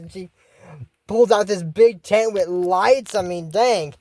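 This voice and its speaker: A YouTuber rambles through a cartoon episode recap, full of fillers and sudden asides. The voice is mellow and relaxed, at a middle pitch. The recording is dry and close. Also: slow, no echo. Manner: rambling, many fillers, acts out quotes.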